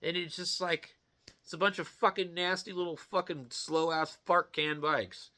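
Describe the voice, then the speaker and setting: A man vlogging a casual rant, swearing constantly and mocking people in an animated, loose way. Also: on the high side, normal speed. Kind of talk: profane casual rant to camera.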